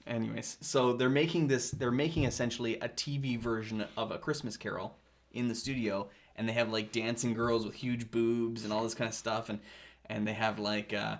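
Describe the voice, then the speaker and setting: A man co-hosting a relaxed movie podcast, his voice sitting in an ordinary middle register. He retells film scenes with animated, playful energy, slipping into quick acted-out quotes. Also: mid-range voice. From Canada. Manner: animated storyteller, acts out quotes. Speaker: podcast co-host. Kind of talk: casual chat.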